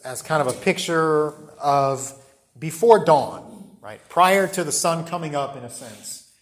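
A man leads a Bible study class in a relaxed, conversational way, with a fairly high-pitched voice. He often stops to check in with the group, asking "right?".

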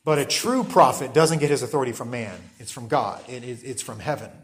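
A man preaching a conversational sermon, often restarting phrases and checking in with "right?". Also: on the high side. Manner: conversational, repeats words, often asks "right?".

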